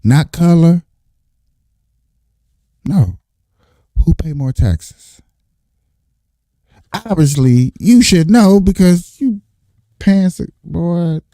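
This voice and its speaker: A man hosting a reaction show, talking in animated, slangy commentary full of swearing and repetition. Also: on the high side, very slow, long pauses, no echo, clean studio sound. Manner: animated, slangy, profane, repeats himself. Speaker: host.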